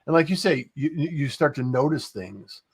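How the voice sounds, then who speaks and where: A man's voice: on the high side, animated, moderate pace, slightly rough. A man hosting a casual live-stream interview, speaking in an encouraging, affirming way. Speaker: host.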